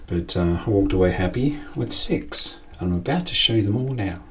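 A man's voice: lowish voice, lively intonation, moderate pace, fairly bright tone. A man, hosting a casual collecting vlog as an enthusiastic, chatty storyteller. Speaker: collector and channel host. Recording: distant from the mic.

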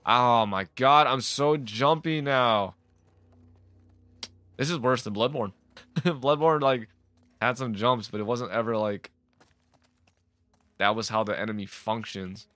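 A man commentating his own gameplay, easily startled and loudly frustrated. His voice is bright and forceful, recorded close and dry on a desk microphone. He swears and laughs his way through tense moments. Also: mid-range voice, slow, long pauses, no room sound. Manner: jumpy, exasperated, swearing and laughing. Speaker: let's play gamer.

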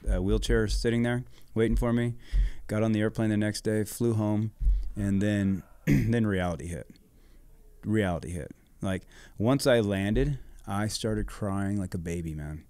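A man's voice: on the low side, moderate pace, darkish tone, no room sound. A middle-aged man telling a story in casual podcast chat, laid-back and swearing freely. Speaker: podcast guest, former motocross racer.

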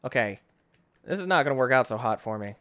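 A young man talks through a video game at a casual clip. His voice rides a wide, animated pitch range. When he fails he jumps into sudden high yelps, and he slides back into self-mocking grumbles between attempts. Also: quick pace. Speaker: gaming channel host. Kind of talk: playthrough commentary.

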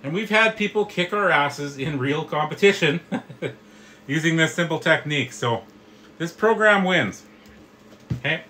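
Middle-aged man, bright, slightly higher voice, friendly how-to host, faint ambience behind. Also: lively intonation, unhurried, long pauses, slight background noise, poor audio. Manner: friendly, explanatory, addresses viewers as guys. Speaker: barbecue instructor and host. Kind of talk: live cooking tutorial.

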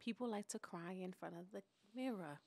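A woman co-hosting a podcast in casual chat, talking in an animated, expressive way and laughing often as she tells stories. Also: mid-range voice, normal speed, vocal fry. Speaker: podcast co-host.

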